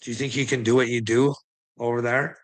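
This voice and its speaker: An online commentator with a medium-pitched, level voice rants a little fast to camera. His monologue is profane and taunting, mocking listeners with laughs and repeated words for emphasis.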